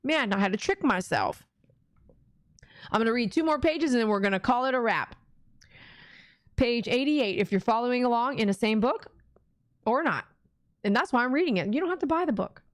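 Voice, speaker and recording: A woman's voice: a little high, animated, normal speed, long pauses, dry recording, clean studio sound. A middle-aged woman with a Texan accent, hosting a casual live-stream prayer session and chatting with viewers. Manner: chatty, talks to viewers and acts out her own inner voice. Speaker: livestream prayer host.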